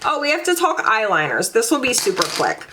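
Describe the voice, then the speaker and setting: A woman's voice: fairly high pitch, wildly swooping pitch, fairly quick, background noise. A young woman vlogging casual makeup reviews, chatty and gushing, with dramatic sighs and emphasis. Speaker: beauty vlogger.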